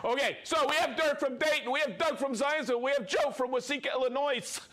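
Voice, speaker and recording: A man hosting a live product show, chatting energetically, joking and laughing often as he reads out viewer shout-outs. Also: very high-pitched, fast. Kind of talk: lively live-stream chat reading viewer shout-outs.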